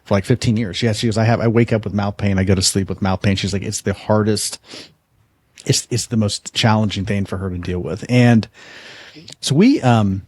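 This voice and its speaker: A man's voice: lowish voice, steady tone, a little fast, darkish tone, slightly rough, no echo. A man hosting a podcast, telling a story in an earnest, conversational way, often repeating words as he restarts a thought. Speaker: podcast host.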